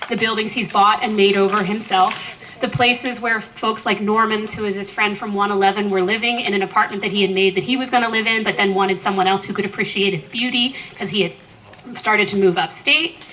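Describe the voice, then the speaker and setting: A woman in her forties telling a lively, self-deprecating personal story at a memorial. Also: medium pitch, brisk, a little hiss or hum, rough recording. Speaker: eulogist.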